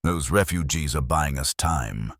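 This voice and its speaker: A man's voice: very deep voice, unhurried, no echo, studio quality, heavily acted. A man voicing a stern, cold German colonel who speaks in clipped threats.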